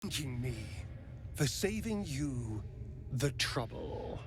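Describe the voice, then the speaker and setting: A man's voice: mid-range voice, big pitch swings, slow. An actor playing a smug, theatrical male elf vampire spawn in a video game, with a silky, drawling, sarcastic delivery. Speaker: companion character. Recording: game audio with ambient noise.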